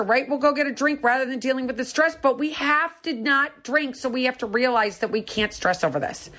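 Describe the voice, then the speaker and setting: A woman's voice: high voice, brisk, few pauses, a bit bright. A middle-aged woman hosting a sobriety talk, speaking in a candid, earnest and encouraging way that repeats its points. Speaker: sobriety podcast host. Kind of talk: candid personal monologue.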